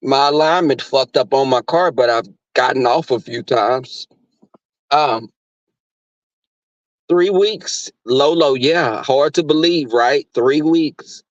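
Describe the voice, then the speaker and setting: A live streamer tells crude, profane stories to his viewers from his workplace, animated and often laughing and swearing. His mid-range voice moves slowly. The recording is dry and muffled.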